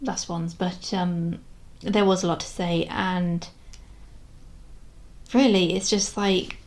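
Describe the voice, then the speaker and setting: A woman's voice: mid-range voice, slow pace, a little mellow. A young woman giving a casual vlog commentary, talking frankly and rambling with many restarts, sounding exasperated. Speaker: video creator reviewing a historical drama.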